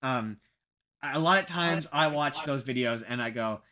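A young man co-hosting a casual podcast, rambling and animated, poking fun at his own past opinions. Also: mid-range voice, a little fast. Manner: animated, rambling, self-mocking. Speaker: podcast co-host.

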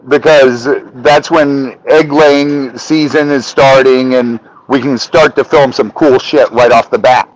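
A man on a podcast telling a story in casual, animated talk, swearing often and acting out the dialogue. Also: on the high side, slow, low-quality recording. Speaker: podcast guest.

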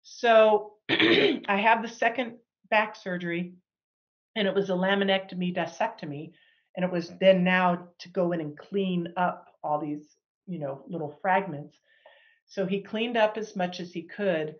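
Middle-aged woman, low voice, personal testimony, animated storytelling, slightly muffled lo-fi sound. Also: a little slow. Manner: animated, acts out quoted dialogue. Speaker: guest sharing a healing testimony.

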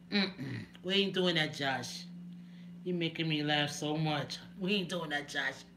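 A chatty woman on a home live stream addresses her viewers by name and laughs between remarks. Her voice is low and unhurried, and there's a clear hiss of background noise.

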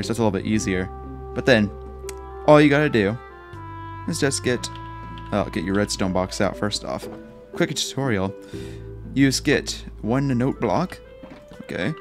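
A man giving rambling, joking and self-mocking gameplay commentary as a Minecraft YouTuber. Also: fairly low pitch.

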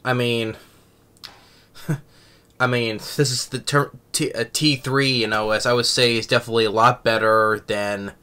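A young man talks through a film review in a loose, casual way. He rambles and stops to restart his sentences. His voice is bright and crisp, smooth and clear, with a forward edge. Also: medium pitch, steady tone. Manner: rambling, halting, many restarts and fillers. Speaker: movie reviewer.

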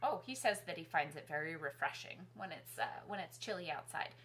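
A woman hosting a children's music class from her living room, singing nursery songs and talking gently to young kids. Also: low-pitched, animated, brisk. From New York City. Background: guitar accompaniment.

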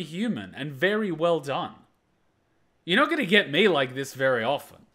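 A man's voice: fairly high pitch, very animated, normal speed, fairly bright tone. A man hosting a reaction video, talking casually and earnestly about an episode in short repeated phrases.

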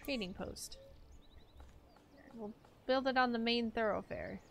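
During a casual game stream, a young woman with a slightly high, creaky voice talks at a measured pace over faint background music. She's chatty and playful, addressing her chat and herself while she plays.

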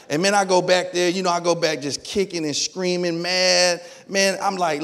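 A middle-aged man preaching a sermon as pastor, in a lively, colloquial storytelling manner that acts out the dialogue. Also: high-pitched, normal speed, few pauses, a faint crowd. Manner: lively storytelling, acting out dialogue in his own voice.

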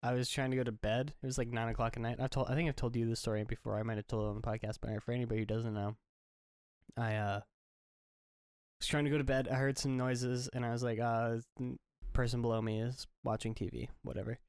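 A man's voice: medium pitch, flat delivery, fast talker, smooth, no echo. A young man co-hosting a podcast, telling a rambling story with dry jokes in casual chat. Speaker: podcast co-host.

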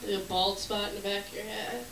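A woman performing a stand-up comedy set, animated, working the crowd and acting out bits. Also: mid-range voice, brisk. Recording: echoey room from far off, noisy.

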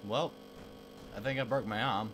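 A man commentating on a game he is playing, excitable and swearing, a bit sick and clearing his throat. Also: medium pitch, normal speed, background noise. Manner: excitable, swearing, yelping at failures. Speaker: gameplay commentator. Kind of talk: let's play commentary.

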